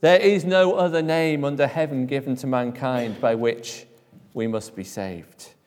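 A man preaching a sermon, speaking emphatically and letting phrase endings fall to a hush. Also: mid-range voice, a little slow, long reverb tail.

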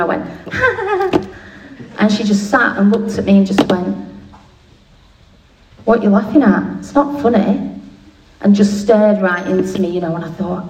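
A woman's voice: medium pitch, dark tone. A woman giving a candid, funny share at a recovery meeting, swearing bluntly and laughing at herself. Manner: blunt, swearing, self-mocking humour. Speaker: speaker sharing at a recovery meeting. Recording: echoey room, distant mic, faint noise.

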